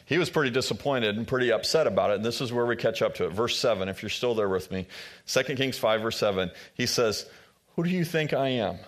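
A man's voice: fairly low pitch, fast, a bit bright. A man delivering a sermon in plain, everyday speech. He retells the story with modern asides and openly wonders about details he doesn't know. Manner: thinking aloud, frank about not knowing. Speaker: preacher.

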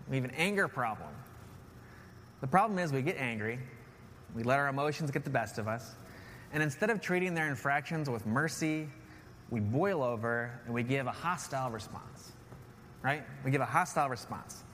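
A man's voice: mid-range voice, a bit bright. A man in his thirties, a pastor preaching an earnest sermon and often repeating key phrases with "right?". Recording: long hall reverb, faint noise.

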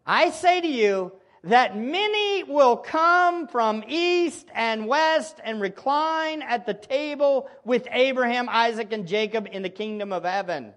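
A male preacher delivering a sermon with a lively voice that climbs and dips a lot. He moves from loud, emphatic declarations to hushed, intense passages and calls his listeners beloved. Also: extremely high pitch, slow, hardly any pauses. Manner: animated, swings from loud exclamation to hushed intensity.

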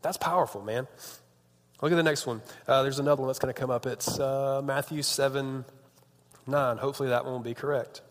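A man's voice: medium pitch, fairly even intonation, fairly quick. Joking preacher man in a reverberant hall. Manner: chatty, joking, self-interrupting. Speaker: youth pastor. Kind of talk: casual sermon. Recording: long reverb of a large hall.

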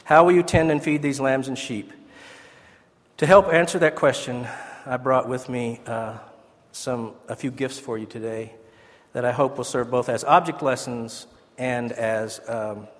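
A man's voice: medium pitch, fairly even intonation, moderate pace. A man giving a conversational, earnest ordination sermon as pastor in a church. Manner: conversational, earnest, with asides and restarts. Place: church sanctuary. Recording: church sanctuary with long reverb.

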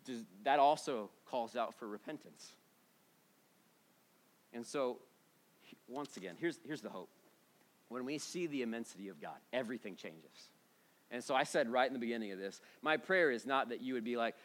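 A man preaching a sermon in a church, casual and joking, swinging between loud bursts and hushed moments. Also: medium pitch, expressive, moderate pace, long pauses. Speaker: pastor.

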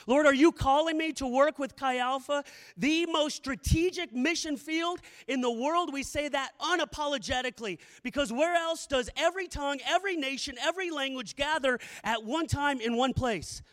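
A man preaching a sermon as a campus missionary, swinging from hushed storytelling to shouted prayer. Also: very high-pitched, moderate pace. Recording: long reverb of a large hall.

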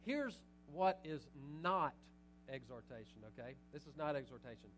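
A middle-aged pastor preaching a sermon, animated, moving between loud urging and quiet asides. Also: male voice, mid-range voice, normal speed, slight background noise, rough recording.

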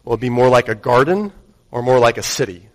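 A male pastor preaching a Sunday sermon, rising to stress points and dropping to a hushed tone. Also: mid-range voice, lively intonation, a little fast. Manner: dynamic, swings from raised emphasis to hushed intimacy. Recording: long hall reverb.

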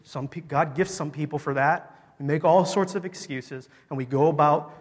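A man preaching a sermon, telling a story with lively emphasis that swings between loud, emphatic lines and quiet, soft ones. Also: fairly high pitch, normal speed. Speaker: pastor. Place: church sanctuary. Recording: long hall reverb.

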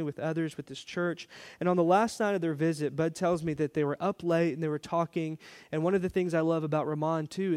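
A pastor telling a story in a conversational sermon, relaxed and personal, quoting the people in it. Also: male voice, on the high side. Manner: conversational, warm storytelling with quoted dialogue.

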